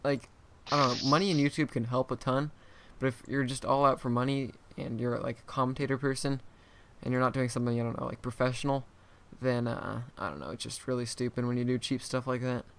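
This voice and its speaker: A man's voice: medium pitch, steady tone, brisk, a bit bright. A man hosting a casual podcast chat, rambling and hesitant, with frequent fillers. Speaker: podcast host.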